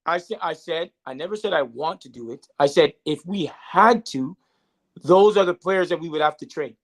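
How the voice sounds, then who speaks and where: Young man, fairly high voice, defensive, stammers and restarts, sports debate. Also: moderate pace. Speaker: podcast co-host.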